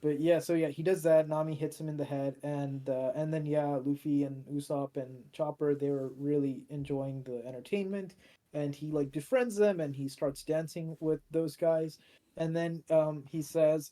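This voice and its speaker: A man's voice: on the high side, fairly even intonation, normal speed, warm tone. A man co-hosting a podcast, recapping an episode in a loose, rambling way with lots of fillers and restarts. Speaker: podcast co-host.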